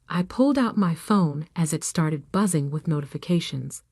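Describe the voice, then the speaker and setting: A woman reading a first-person story as scripted narration, in a measured, even way. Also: deep voice, no echo, clean studio sound.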